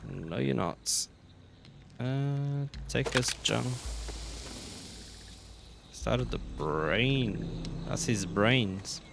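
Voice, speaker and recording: Slow, gravelly man testing a game. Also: medium pitch, background noise. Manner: relaxed, thinking aloud with many fillers. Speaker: gaming channel host. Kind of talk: casual gameplay commentary.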